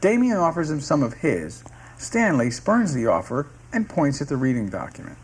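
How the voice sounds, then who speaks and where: A man narrating the stage directions of a sitcom script in a steady, descriptive reading. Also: a little high, moderate pace, slightly rough. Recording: music playing underneath.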